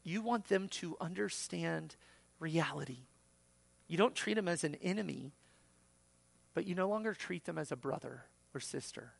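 A man's voice: a little high, lively intonation, moderate pace, creaky, no room sound. A man preaching a sermon as pastor, acting out quoted voices and rising sharply for emphasis.

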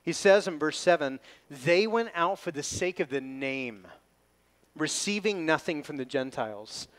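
A pastor preaching an expository sermon, leaning hard on key words and slowing down when he reads scripture. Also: on the high side, animated, fairly bright tone. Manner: emphatic, slows down to stress scripture readings.

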